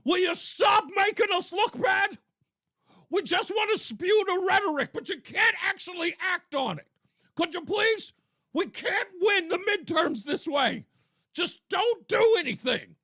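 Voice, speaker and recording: A male radio host voicing a panicked, whiny politician who pleads with his supporters in a shout. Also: very high voice, expressive, a little slow, voice pushed up, exaggerated voice. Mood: pleading, shouting.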